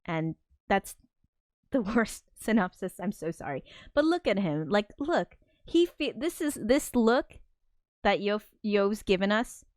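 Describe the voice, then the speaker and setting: A woman's voice: medium pitch, big pitch swings, unhurried, darkish tone, no echo, studio quality. A woman hosting a casual streamed film commentary, rambling with many fillers and swearing freely. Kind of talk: casual chat.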